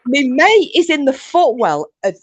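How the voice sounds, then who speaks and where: A woman's voice: high voice, measured pace, no room sound. Brash woman telling a wild story. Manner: animated, swearing, shrieking when acting out herself. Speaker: co-host. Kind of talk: casual storytelling chat.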